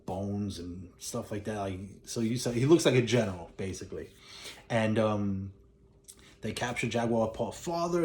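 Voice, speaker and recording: A man's voice: fairly low pitch, a little mellow, a little hiss or hum. A man casually retelling a film plot, rambling with fillers and restarts as he goes. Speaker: movie reviewer. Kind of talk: casual movie recap.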